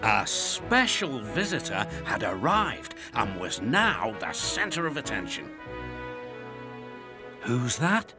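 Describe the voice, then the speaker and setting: A man giving scripted, expressive storybook narration for children. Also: lowish voice, takes it slowly, hardly any pauses. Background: music.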